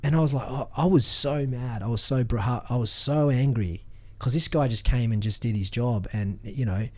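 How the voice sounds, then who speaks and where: A man's voice: medium pitch, normal speed, a little mellow. An Australian man, a former fighter, telling stories on a podcast in a rambling, heavily swearing, restart-filled way. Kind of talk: casual podcast chat.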